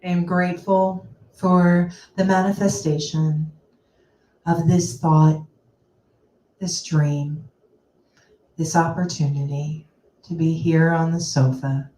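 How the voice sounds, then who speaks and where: A woman minister leading a spoken affirmative prayer, slow and measured, pausing between phrases. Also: low voice, little pitch movement, dark tone, a little hiss or hum. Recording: roomy, distant mic.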